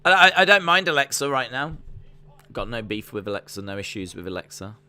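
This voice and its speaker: A man's voice: mid-range voice, sing-song, fairly quick, pushed and bright, faint music behind. A man hosting a live stream, chatting casually and calling the action play by play with plenty of fillers. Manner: chatty, rambling, trails off with fillers.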